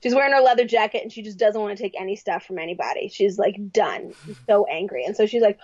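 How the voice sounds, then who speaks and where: A young adult woman speaking as a podcast guest in casual, reflective talk, animated and acting out quoted voices. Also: medium pitch, fast talker, hardly any pauses, dry recording. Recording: dry, slightly dull sound.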